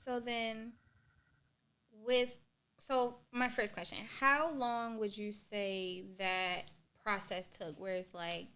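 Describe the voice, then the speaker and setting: Woman, podcast host, attentive interviewer, short prompts, average pitch. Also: little pitch movement, slow pace, sharp tone, clean tone. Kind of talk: interview questions.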